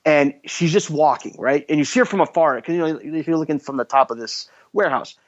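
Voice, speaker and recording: Lively man retelling a movie, dull sound. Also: on the high side, a little fast. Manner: animated storyteller acting out quoted lines. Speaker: podcast host. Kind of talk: casual chat, retelling a movie plot. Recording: dull lo-fi podcast audio.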